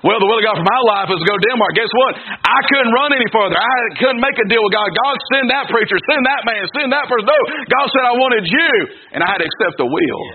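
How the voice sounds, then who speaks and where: A man's voice: high-pitched, lively intonation, quick pace, hardly any pauses. A man preaching a personal testimony sermon, emphatic, telling a story and calling for amens from the congregation. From North Carolina. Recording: lo-fi phone-like radio broadcast with congregation noise.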